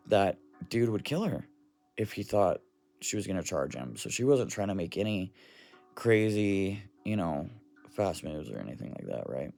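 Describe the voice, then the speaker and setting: A man's voice: low voice, a little mellow. A man talking casually to camera, earnestly retelling a story in a rambling way and swearing now and then. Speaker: vlogger.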